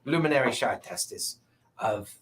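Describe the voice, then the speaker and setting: A man voicing a courteous male merchant who bargains smoothly and politely at his counter, in a tabletop game. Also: medium pitch, lively intonation, normal speed, a bit bright, lightly acted.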